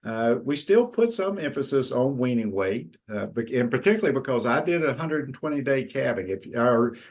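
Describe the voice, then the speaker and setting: A middle-aged man presents a talk from his slides. His pitch sits in the middle of the male range, and his delivery is plain and conversational, with restarts and filler words. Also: expressive, normal speed, a little mellow. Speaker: extension lecturer.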